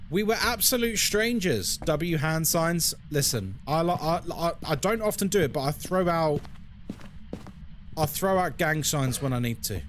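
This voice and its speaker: Sarcastic, lively male streamer. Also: high voice, slight background noise. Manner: sarcastic, joking, rambling. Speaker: live streamer. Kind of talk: casual live-stream chat.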